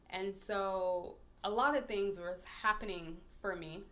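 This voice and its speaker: A woman podcast host telling a personal story in a reflective, hesitant way, with many pauses and fillers. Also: mid-range voice, fairly bright tone.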